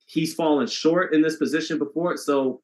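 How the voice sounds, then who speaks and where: A man's voice: a little high, fairly even intonation, normal speed. A man hosting a boxing live stream, chatting casually with viewers and reading their comments aloud, with some swearing.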